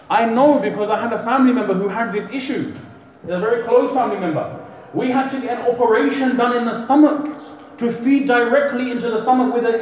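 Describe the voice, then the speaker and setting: A man's voice: sits high, slight background noise. A man preaching a sermon, impassioned, rising and falling, and acting out voices in his stories. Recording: echoey hall, distant mic.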